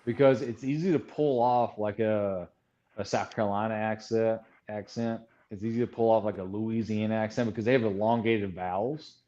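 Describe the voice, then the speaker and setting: Texan male panelist, rambling explainer, warm tone, muffled call sound. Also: fairly low pitch, steady tone, moderate pace. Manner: rambling, explains at length with many restarts. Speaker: panel guest. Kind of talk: casual livestream chat.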